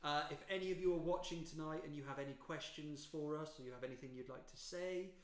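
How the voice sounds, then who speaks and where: A man co-hosts a casual livestream with a slightly high, bright voice. He is upbeat and playful while keeping the show organized. The echoey room is clearly audible around him. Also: quick pace. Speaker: co-host and series creator.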